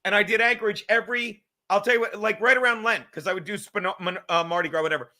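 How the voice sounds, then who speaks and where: A man with a New York accent hosting a casual chat, telling stories animatedly with plenty of swearing and quick asides. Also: high voice, pushed and bright. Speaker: podcast host and comedian.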